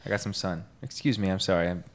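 A man's voice: low-pitched, fast talker. A man hosting a podcast in casual chat, well spoken, with a salesman-like delivery on ad reads. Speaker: podcast host.

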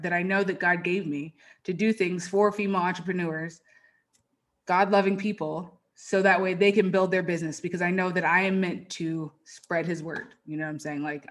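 A woman guest on a podcast, talking earnestly and casually about her faith and purpose, with a lot of "like" fillers. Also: lowish voice. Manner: earnest and faith-driven, peppered with "like". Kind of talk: casual interview chat.

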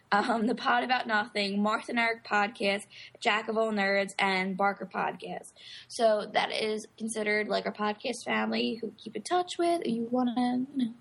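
A woman's voice: fairly high pitch, creaky, a bit bright, slightly rough. A woman co-hosting a podcast in casual chat, chatty with lots of fillers. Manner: chatty, giggly, filler-heavy. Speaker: podcast co-host.

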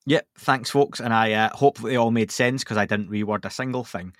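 A man's voice: mid-range voice, moderate pace, no room sound, studio quality. A man hosting a podcast, chatting casually and rambling with fillers. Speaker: podcast host.

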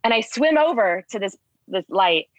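A woman's voice: medium pitch, normal speed, no echo. Chatty woman telling a story, dull dry sound. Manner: rambling with many "like" fillers, animated retelling. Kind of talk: casual storytelling.

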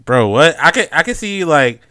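A man's voice: a little high, very animated, pushed and bright. A young man in casual chat, swearing freely, laughing and acting out what others say. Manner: profane, laughing, acts out others in quick voices.

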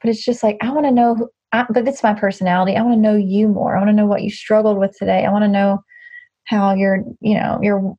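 A woman's voice: mid-range voice, fairly even intonation, fast talker, warm tone, highs cut off. A woman speaking as an interview guest in a casual, candid chat, rambling with frequent restarts. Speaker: guest, social media creator.

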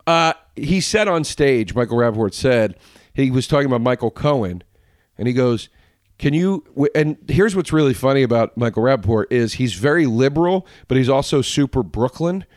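Animated man in loose podcast banter. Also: medium pitch, no echo, studio quality. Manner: animated, swears freely, jumps into quick impressions. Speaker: podcast co-host. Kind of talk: casual comedy podcast chat.

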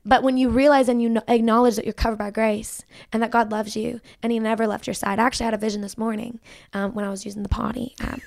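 A woman's voice: fairly high pitch, flat delivery, fast talker, gravelly, darkish tone, no echo, studio quality. A young woman, a podcast guest and country singer, talking earnestly about her faith and saying "like" a lot. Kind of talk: casual faith conversation.

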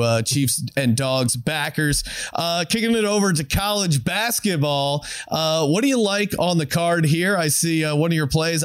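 A man hosting a sports betting show from a studio, relaxed and upbeat. He laughs easily while he sets up picks for his guest. His voice sits slightly high and the recording is dry and close. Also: clear, resonant tone, no echo. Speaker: sports betting podcast host. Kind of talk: casual sports talk hosting. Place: network studio.

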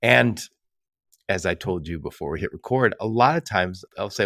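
He's a podcast host from Michigan whose low, fairly bright voice moves at a normal speed over a dry, clean studio recording. Chatty and fond of stories, he acts out quoted exchanges in the casual conversation and laughs a lot.

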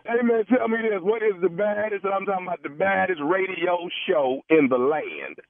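A man's voice: high voice, expressive, normal speed, gravelly, no room sound. A man making a radio prank phone call, stammering and pleading as a flustered manager. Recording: tinny phone line.

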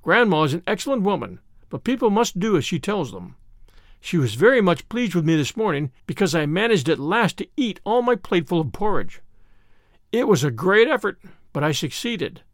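A man's voice: high voice, very animated, moderate pace, dry recording, clean studio sound. A man reading the part of an eager, earnest little boy with polite, old-fashioned speech.

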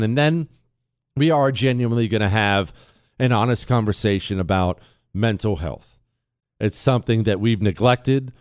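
Man, talk radio host, lively swooping delivery, dry studio sound. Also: mid-range voice, clear, resonant tone, no echo. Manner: animated storyteller, laughs at his own tale. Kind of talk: casual talk radio monologue. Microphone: studio microphone.

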